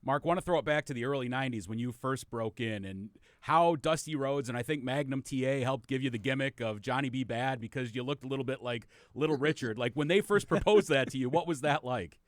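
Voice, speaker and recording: A man's voice: mid-range voice, a little fast, hardly any pauses, no room sound. Dry-sounding male show host. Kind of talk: interview questions.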